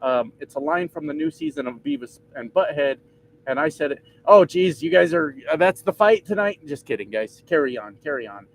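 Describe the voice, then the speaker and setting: A man's voice: a little high, big pitch swings, a little fast, vocal fry, a little hiss or hum, rough recording. A man driving a truck and chatting casually with his livestream viewers, joking and swearing as he rambles. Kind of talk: casual live chat reading comments. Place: truck cab.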